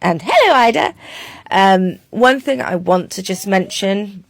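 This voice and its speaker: A woman talking over her own horse training footage in a relaxed, chatty way, with many ums. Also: mid-range voice, measured pace, no room sound.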